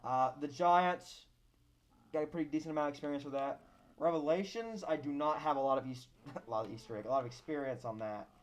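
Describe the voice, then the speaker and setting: This gaming streamer, a young man with a slightly high, brisk voice, chats casually during live gameplay. He swears and complains about losing in mock-dramatic fashion.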